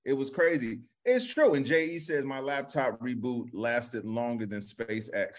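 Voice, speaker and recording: A man co-hosting a comedy podcast, telling a story in a relaxed, rambling, casual way. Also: mid-range voice, unhurried. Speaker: comedian co-host.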